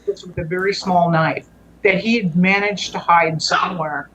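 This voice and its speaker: A woman with a lowish voice and fairly even intonation talks at normal speed against background noise. As a show guest, she tells a long personal story in an earnest, conversational manner, drifting, restarting, and correcting herself often.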